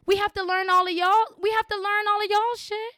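A young woman, co-hosting a casual chat, candid and animated, cursing and joking freely. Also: extremely high pitch, fairly quick, no echo, clean studio sound.

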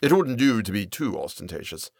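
A man's voice: on the low side, sing-song, brisk, darkish tone, breathy edge, no room sound, studio quality, heavily acted. A man playing a polite, falsely kind uncle who talks in a smiling, benevolent way. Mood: smooth. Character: smooth, falsely kind middle-aged uncle.

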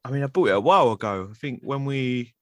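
A man's voice: mid-range voice, animated, fast, a bit bright, dry recording. A man from England with a Cockney accent hosts a podcast, asking questions in a chatty, easygoing way. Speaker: podcast host. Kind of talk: casual podcast conversation.

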